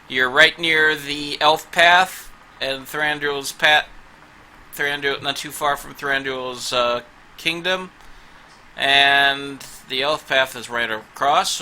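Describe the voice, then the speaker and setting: A man narrating a tabletop game as game master, unhurried and hesitant with fillers. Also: mid-range voice, fairly even intonation, bright, forceful tone, a little hiss or hum, poor audio.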